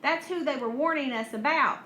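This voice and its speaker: A woman's voice: high-pitched, moderate pace, pushed and bright, pitched above the performer's own voice. Woman reading as a nervous young boy. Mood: tense. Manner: tense and uneasy. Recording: echoey room, faint hiss.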